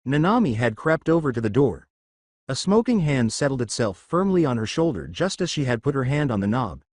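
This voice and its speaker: A man narrating a fan fiction story with an expressive reading. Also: medium pitch, brisk, no room sound, studio quality.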